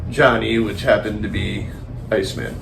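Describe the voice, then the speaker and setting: A man co-hosting a casual movie review chat, talking in a rambling, animated way with some swearing. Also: on the low side, normal speed, creaky, soft background music. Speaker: podcast co-host.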